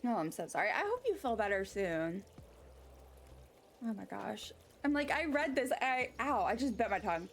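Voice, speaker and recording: Casual woman game streamer, mid-pitched, rambling, sidetracked, talks to chat. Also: very animated, normal speed, slight background noise. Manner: rambling, easily sidetracked chatter; reads chat aloud and answers it.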